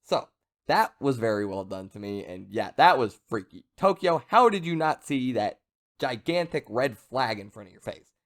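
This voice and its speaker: A man's voice: medium pitch, very animated, moderate pace, fairly bright tone. A young man casually recapping a manga chapter, rambling with joking asides and lots of fillers. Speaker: manga reviewer.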